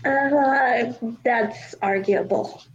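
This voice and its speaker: A woman's voice: on the high side, extremely slow, dull audio. A woman co-hosting a tabletop game podcast, giggly with wry quips. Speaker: player and co-host. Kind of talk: casual podcast banter.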